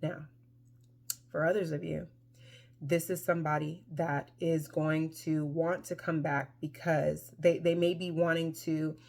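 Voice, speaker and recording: A woman with a somewhat low voice reads tarot cards for her viewers in a casual, chatty way. She talks with emphasis, often breaking off and restarting her sentences. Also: flat delivery, measured pace, creaky, a little mellow. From Mexico. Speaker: tarot reader. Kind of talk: casual tarot reading to camera.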